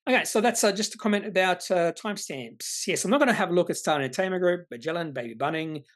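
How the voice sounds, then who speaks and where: A man's voice: sits high, lively intonation, quick pace, a bit bright. A man, hosting an investing channel and answering viewer comments in a rambling, opinionated way. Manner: rambling, opinionated, self-correcting.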